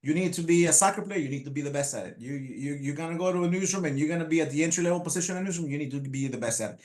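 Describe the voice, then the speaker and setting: A man in his fifties whose first language is Spanish, giving a motivational speech about his life, halting with many restarts and fillers. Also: fairly high pitch, darkish tone. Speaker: motivational speaker. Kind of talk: personal storytelling speech.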